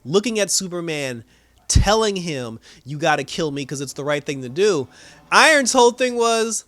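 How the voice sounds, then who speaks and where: A man's voice: high-pitched, moderate pace, dry recording. A man casually recapping a TV episode, acting out the characters' lines with frequent laughs and fillers. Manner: animated retelling with quoted voices and laughs. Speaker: TV episode reviewer.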